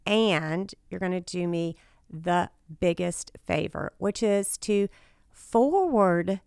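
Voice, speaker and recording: Raspy-voiced woman podcast host. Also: on the low side, slow pace, darkish tone, dry recording, studio quality. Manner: chatty, enthusiastic storytelling. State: raspy voice after a loud night. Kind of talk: casual solo podcast talk.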